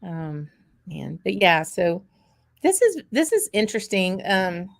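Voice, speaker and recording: A woman's voice: lowish voice, very animated, slow pace, vocal fry. A woman hosting a casual livestream chat, talking in a rambling way with many fillers. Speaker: host.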